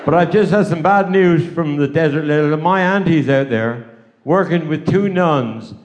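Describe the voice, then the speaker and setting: Older West Country stand-up, high-pitched voice, rambling rude anecdotes for a live crowd. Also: male voice, moderate pace, muffled recording, a little hiss or hum. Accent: West Country English. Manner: rambling bawdy yarn-spinning with repeated "I said, she said". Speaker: stand-up comedian. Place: live stage show.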